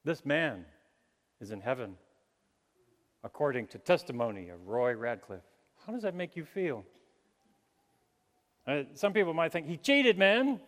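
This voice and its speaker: Pastor preaching in a reverberant hall. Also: male voice, mid-range voice, unhurried, long pauses. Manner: animated, acts out quoted voices, chuckles often. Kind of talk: sermon.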